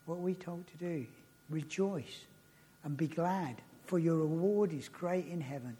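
A man preaching in a loose, chatty way. His voice sits fairly high but sounds mellow and a little husky. He reads scripture aloud and keeps breaking off to comment. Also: a little slow. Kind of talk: informal Bible teaching.

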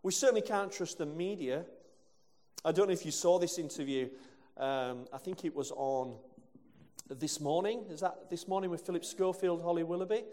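A man's voice: a little high, steady tone, normal speed, dark tone. A male preacher from England giving a conversational sermon with rhetorical questions and asides. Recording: long hall reverb.

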